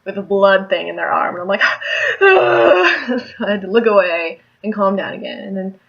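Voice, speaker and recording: A woman's voice: medium pitch, steady tone, a little fast, gravelly, fairly bright tone, highs cut off. A young adult woman telling a story in a casual vlog, chatty and rambling, often laughing. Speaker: vlogger.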